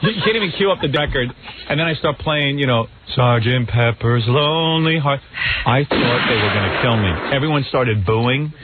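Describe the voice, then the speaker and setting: A man hosting a radio show, telling self-mocking stories in animated studio banter. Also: medium pitch, fairly quick, noisy background. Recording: phone-like lo-fi radio broadcast.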